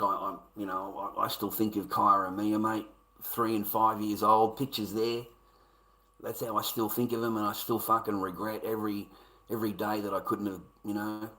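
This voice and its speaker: An Australian man talking straight to his viewers in a rambling, profane monologue, repeating himself and swinging between loud rants and low mutters.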